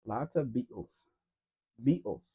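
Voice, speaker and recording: A man's voice: medium pitch, sing-song, measured pace, husky. Offhand man chatting on a lo-fi stream. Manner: offhand, musing commentary on cars. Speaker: live stream co-host. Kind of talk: casual live Q&A chat. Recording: dull lo-fi stream audio.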